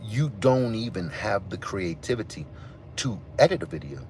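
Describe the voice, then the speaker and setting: Profane, ranting man with lively pitch. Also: normal speed, slight background noise. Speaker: livestream host. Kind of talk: angry livestream rant to chat.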